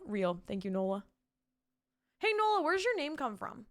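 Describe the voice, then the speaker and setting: A young woman streamer in her twenties chatting casually with her viewers, swearing freely, laughing often and breaking into loud shouted bits. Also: high voice, big pitch swings, moderate pace. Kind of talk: casual live-stream chat.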